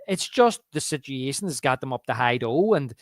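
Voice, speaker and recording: A man's voice: mid-range voice, lively intonation, no echo, studio quality. Man recapping a movie with restarts. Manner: halting, many restarts, acts out movie quotes. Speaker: podcast co-host. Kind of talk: casual movie review chat.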